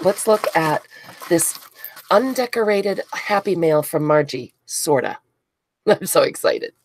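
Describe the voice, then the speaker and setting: A congested woman hosting a casual crafting livestream, chatting with viewers by name and gushing over what she unboxes. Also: sits low. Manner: chatty, greets viewers by name, gushes excitedly. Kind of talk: casual live chat while crafting.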